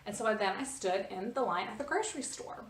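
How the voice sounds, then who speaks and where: A woman vlogger telling a personal story in a casual, animated way, often restarting her sentences. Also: mid-range voice, fast talker, reverberant, recorded from a distance, slight background noise. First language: English. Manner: animated, restarts often, rises when reliving the scene.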